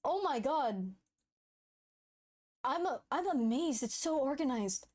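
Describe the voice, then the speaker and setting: Excitable high-voiced woman streamer. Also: slow pace. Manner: excitable, laughs a lot, swears. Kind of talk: casual live stream chat.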